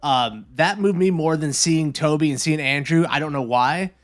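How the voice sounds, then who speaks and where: Male podcast guest, higher pitch, heartfelt. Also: normal speed. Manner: heartfelt, emotional. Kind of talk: casual chat.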